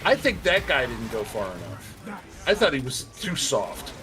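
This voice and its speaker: Teasing man with a lively voice. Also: medium pitch, moderate pace, music in the background. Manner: teasing, laughing, crude banter. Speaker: co-player in a gaming stream. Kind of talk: casual gaming chat.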